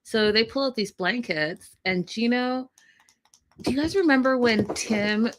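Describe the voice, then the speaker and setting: A woman's voice: fairly high pitch, unhurried. A woman co-hosting a casual TV recap show, chatting directly to her viewers and laughing often. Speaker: podcast co-host.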